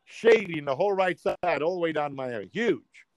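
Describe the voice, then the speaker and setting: A man, a comedian guest, telling a story in casual chat, acting out the quotes and building loudly to punchlines. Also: on the high side, lively intonation, moderate pace, no room sound.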